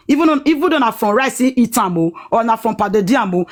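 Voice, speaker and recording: A woman with a Nigerian Pidgin accent telling a personal story in a lively, dramatic way, acting out what people said. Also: on the high side, fast, hardly any pauses. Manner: animated, dramatic retelling with acted-out quotes.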